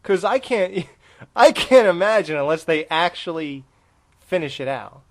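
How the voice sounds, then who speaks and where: A man's voice: fairly high pitch, expressive, a little slow. A man co-hosting a podcast in casual chat, rambling and joking with frequent restarts. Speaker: podcast co-host.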